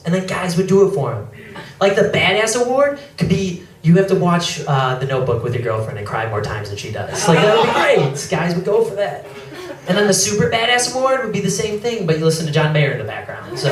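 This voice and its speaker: A young man doing stand-up comedy, self-deprecating and quick to apologize for his jokes, slipping into mocking voices of others. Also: high-pitched, recorded from a distance. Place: comedy club stage. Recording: echoey club, mic heard from afar, crowd laughter. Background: audience laughing.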